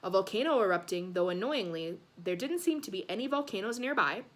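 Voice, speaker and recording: A woman reading a children's book aloud in an expressive, animated way. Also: mid-range voice, a little fast, hardly any pauses. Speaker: storyteller.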